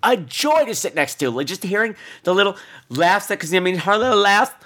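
Brief: male podcast host, chatty and profane storyteller, with a very lively pitch. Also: brisk. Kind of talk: casual monologue.

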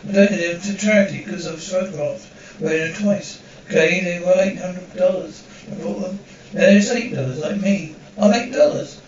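An actress playing a formerly rich young waitress who is dramatic and fussy, in sitcom acting. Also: female voice, fairly low pitch, moderate pace, few pauses, a little mellow, far from the mic, lightly acted. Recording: dull roomy TV audio from afar.

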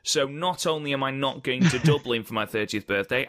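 A man's voice: medium pitch, brisk, a bit bright. A man of thirty co-hosting a casual podcast chat, sarcastic and joking. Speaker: podcast co-host. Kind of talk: casual chat watching wrestling.

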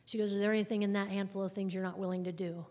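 A woman's voice: mid-range voice, flat delivery, racing, a little mellow. A woman telling her personal recovery story to a group at a meeting, candid and conversational, with wry humor. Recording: long hall reverb.

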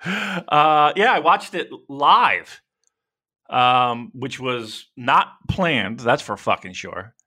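Profane, animated man in casual chat. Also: medium pitch, drawn-out words. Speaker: podcast co-host. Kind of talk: casual podcast chat about wrestling.

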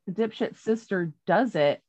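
A woman's voice: medium pitch, measured pace, darkish tone, no echo, highs cut off. A woman retelling a story in casual chat, rambling and swearing freely, with many fillers and restarts.

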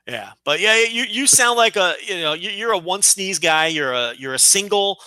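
Bright-voiced man on a podcast. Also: high voice, lively intonation, normal speed, dry recording. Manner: rambling, repeats words while thinking. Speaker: podcast co-host. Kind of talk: casual chat.

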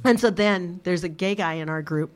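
A woman's voice: on the low side, moderate pace. A woman guest on a talk podcast, telling a long personal story in a casual way, laughing often and acting out other people's lines. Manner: laughs often, quotes others in animated voices.

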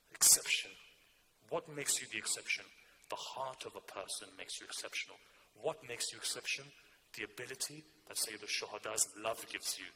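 A man preaching a sermon, telling a story whose quieter passages drop low and soft. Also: background noise.

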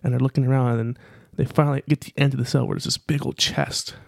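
A man's voice: mid-range voice, fairly even intonation, fast, vocal fry, no room sound, studio quality. A man co-hosting a podcast, telling a rambling story casually with lots of fillers and repeated phrases. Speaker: podcast co-host.

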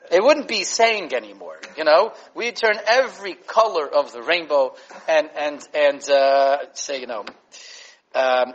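A man teaching a Torah lesson as a rabbi, lively and full of fillers and restarts. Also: on the high side, unhurried, highs cut off. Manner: animated, with many fillers and restarts.

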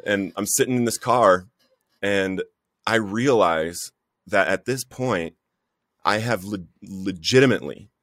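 Guy with a lowish voice telling his recovery story, earnest and emotional, dry close sound. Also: a bit bright, dry recording. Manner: earnest, emotional storytelling, says "bro" often. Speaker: guest sharing recovery story. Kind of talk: personal testimony in conversation.

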